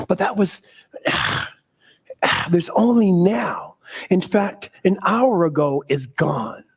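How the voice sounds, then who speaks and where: A middle-aged man preaches with a high, lively voice, laughing easily and stressing his points the way a pulpit speaker does. It is a spirited sermon delivered to a room full of listeners. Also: slow pace, gravelly, husky. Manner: animated, laughing often, preacherly emphasis.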